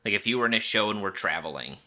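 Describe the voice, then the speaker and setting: Brief: male co-host, lowish pitch, sharp bright tone, casual and chatty. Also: lively intonation, rapid-fire. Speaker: podcast co-host. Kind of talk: casual film discussion chat.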